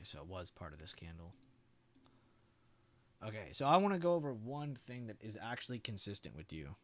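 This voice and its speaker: Low-voiced man on a live stream. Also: fairly quick, slight background noise. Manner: relaxed, chatty, swears and laughs, answers viewers. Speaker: trading stream host. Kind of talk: casual live-stream chart commentary.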